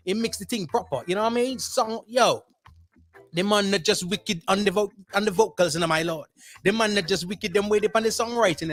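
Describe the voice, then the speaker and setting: A man hosting a radio show from home, giving lively slang-filled shout-outs and slipping into patois for fun, a little under the weather. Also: high-pitched. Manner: slips into Caribbean-style patois for fun. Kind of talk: energetic radio DJ chat. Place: at home, remote broadcast.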